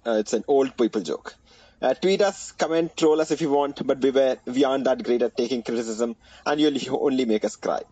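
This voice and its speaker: A man's voice: medium pitch, brisk, warm tone, dry recording, poor audio. Indian man hosting a playful podcast. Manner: playful, rhyming intro, frequent restarts. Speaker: podcast host. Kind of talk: casual podcast chat.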